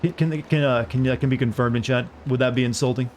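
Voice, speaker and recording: Man, from the American South, game streamer, rambling casual chat, quick pace, faint ambience behind. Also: medium pitch, monotone, a little mellow, slight background noise. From Southern United States. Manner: rambling, chatty, swears casually. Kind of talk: casual chat while gaming.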